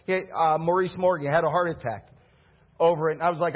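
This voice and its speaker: A pastor telling a story in his sermon, conversational and animated. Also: fairly high pitch, quick pace, highs cut off. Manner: animated, conversational, acts out the people he quotes.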